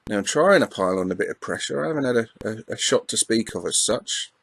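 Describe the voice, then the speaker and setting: This middle-aged Englishman, a retro gaming YouTuber with an Essex accent, rattles off fast, animated commentary over gameplay, chatty and self-deprecating with many ums and uhs. His fairly low voice is creaky, a bit bright, and breathy-edged. The recording is dry and poor quality.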